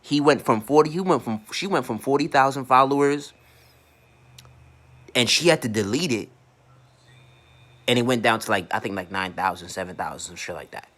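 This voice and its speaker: A man's voice: mid-range voice, moderate pace, long pauses, fairly bright tone. Blunt, profane man talking marketing. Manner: blunt and profane, stumbles over repeated words. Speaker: online marketing coach. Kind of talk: casual to-camera rant.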